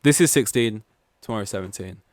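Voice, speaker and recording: Man from east london, casual solo podcast talk, rambling with lots of fillers, somewhat low voice, dry recording. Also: a little fast, no echo. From East London, England. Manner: rambling, goes off on tangents, heavy use of "like". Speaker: podcast host.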